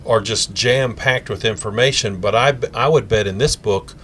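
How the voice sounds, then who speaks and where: A man's voice: fairly low pitch, moderate pace, fairly bright tone, slight background noise. A man from Colorado hosting a local TV interview show, asking friendly, chatty, leading questions. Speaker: TV show host.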